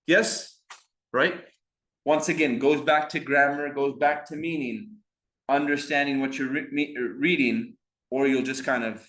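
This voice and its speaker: Guy teaching a class, keeps asking "got it?", quick recitations, roomy echo. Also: mid-range voice, fairly bright tone. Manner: checks understanding often, recites verses quickly. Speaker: seminary teacher. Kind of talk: classroom lecture. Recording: echoey classroom.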